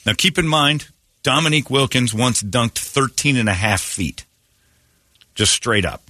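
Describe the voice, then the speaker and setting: A man's voice: medium pitch, expressive, measured pace, bright, forceful tone, dry recording, studio quality. A man hosting a morning radio show in loose, joking, rambling banter.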